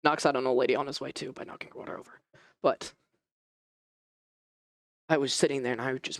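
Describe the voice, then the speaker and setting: A man preaching a first-person dramatic sermon in an animated storytelling voice that rises and falls. He sits in a mid-range pitch, and the sound is dry and close. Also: a little fast, pauses often, no room sound. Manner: animated storytelling, voice rising and falling.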